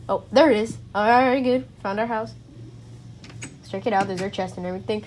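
A woman giving gameplay commentary to her viewers, swinging from low muttering to excited squealing shouts. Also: moderate pace, long pauses. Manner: talks to viewers as guys. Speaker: gaming channel host.

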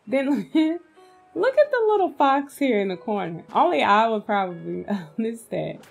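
A woman's voice: fairly high pitch, big pitch swings, moderate pace, vocal fry, husky, soft background music. A woman giving casual, gushing commentary on a video game, chatting to her viewers and calling them "y'all". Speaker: game content creator.

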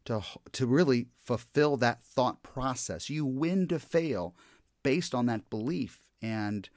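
A man's voice: mid-range voice, takes it slowly, a little mellow, no echo, studio quality. A man hosting a podcast interview, speaking in an encouraging, affirming way. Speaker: podcast host, hypnotist and corporate trainer. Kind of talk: casual interview chat.

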